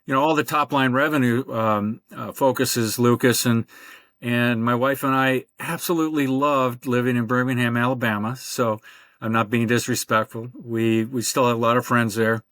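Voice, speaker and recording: An older man, a podcast guest, telling his career story in a relaxed, rambling way with many fillers, over a remote call. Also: mid-range voice, moderate pace, no room sound. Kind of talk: conversational interview.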